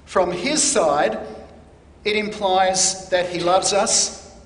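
Measured preacher in an echoey hall. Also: male voice, high-pitched. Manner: measured, deliberate teaching with stressed key words. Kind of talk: sermon.

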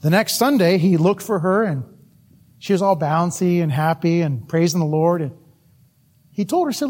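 Brief: animated male preacher, husky tone, storytelling sermon. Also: high-pitched, moderate pace.

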